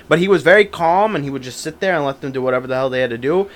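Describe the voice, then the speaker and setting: A man co-hosting a casual podcast, chatting and telling a family anecdote, dropping to quiet voices for quotes. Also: medium pitch, expressive, quick pace, slight background noise. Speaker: podcast co-host. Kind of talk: casual chat.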